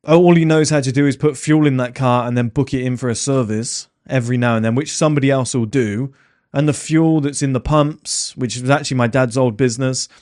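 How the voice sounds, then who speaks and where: A man with a middle-pitched voice talks straight to his listeners in a loose, casual monologue. He is blunt and plain-spoken, and he keeps throwing rhetorical questions at the audience. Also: darkish tone.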